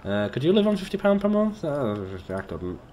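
Chatty man with a lively voice. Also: a little high, moderate pace, a little hiss or hum. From Britain. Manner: chatty, joking, swears, talks to himself. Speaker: gamer. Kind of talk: let's play commentary.

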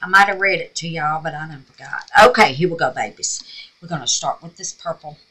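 Speaking a little fast in a deep, pushed, bright voice with a slight roughness, this woman from Mississippi, USA, is a craft vlogger. She chats casually with a scratchy Southern voice through a home crafting tutorial, talking to herself and calling viewers babies. The setting is her craft room, with an air purifier going.

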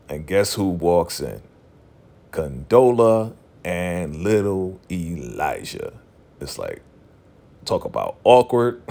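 Low-voiced man animatedly recapping a show. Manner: animated retelling, acts out quoted lines, laughs often; loose slangy speech with fillers like "you know" and "right". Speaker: TV recap vlogger. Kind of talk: casual TV episode recap.

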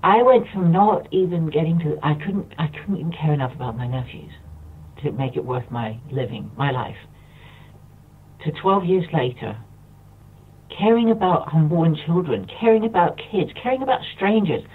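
A man from the United Kingdom, a guest on a radio show, delivers a rambling, impassioned monologue close to tears, repeating himself. His voice is a little high, animated and husky, at a moderate pace. He comes through a distant, tinny phone line.

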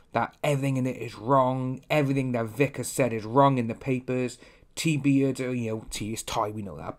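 A young man hosting a casual opinion commentary, talking bluntly and ranting, often mimicking others. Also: medium pitch. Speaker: commentary channel host.

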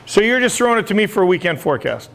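A man's voice: high-pitched, big pitch swings, very fast, creaky, fairly bright tone, a little hiss or hum. A man doing a brash, boisterous, profane comic weather forecast in a sketch rehearsal outdoors. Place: outdoors on a street curb.

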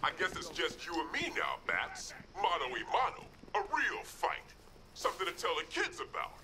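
A man's voice: a little high, wildly swooping pitch, normal speed, over music, low-quality recording. An actor playing a taunting male villain challenging the hero in a game, with a swaggering manner.

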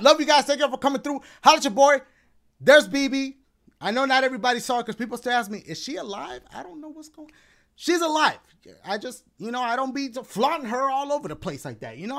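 A man's voice: very high voice, fairly bright tone. A man in casual chat, talking to his viewers and his dog in a laid-back, rambling way with playful slang, a little out of breath. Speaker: gaming YouTuber.

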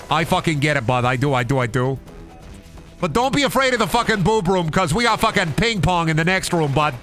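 A man's voice: sits high, voice pushed up, close to an everyday voice. A man voicing a profane, folksy male Minnesotan dock worker who drawls and calls everyone bud.

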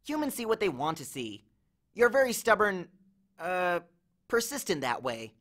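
A man's voice: high voice, big pitch swings, normal speed, fairly bright tone. A man voicing an anxious young satyr boy in a storybook reading, speaking with nervous hesitation.

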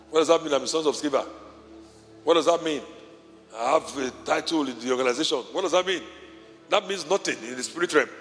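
A man's voice: on the high side, fairly bright tone. A male pastor preaching a sermon in a large church auditorium, with impassioned delivery and short repeated phrases. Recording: long hall reverb with faint music.

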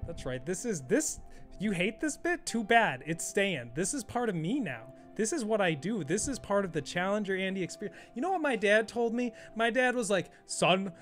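A young man streaming a game and chatting loosely with viewers, his voice sitting a little higher than most men's. He rambles from one thought to the next, mocks himself and swears freely. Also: sing-song, normal speed, soft background music. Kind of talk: casual live-stream chat.

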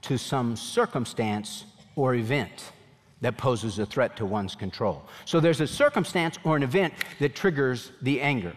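Male pastor preaching in a reverberant hall. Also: mid-range voice. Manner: animated preaching, voices God's questions to Cain. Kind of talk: sermon.

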